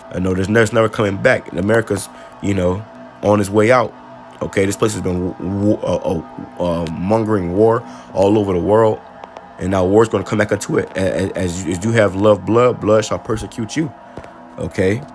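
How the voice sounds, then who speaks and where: A man's voice: on the low side, a little mellow. Stammering, slangy man preaching scripture. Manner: reads verses slowly, then explains in casual street slang with many stammered restarts. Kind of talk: informal scripture-reading sermon.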